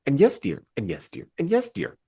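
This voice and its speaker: A man voicing a pair of small, very polite cartoon gophers in a high piping voice. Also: huge pitch swings, moderate pace, warm tone, breathy edge, full character voice.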